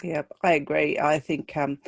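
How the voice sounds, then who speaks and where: A woman's voice: low-pitched, flat delivery, moderate pace, gravelly, dry recording, clean studio sound. A woman hosting an interview on a video call, speaking thoughtfully and with some hesitation. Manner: thoughtful, hesitant, many fillers. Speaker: host. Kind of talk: casual interview chat.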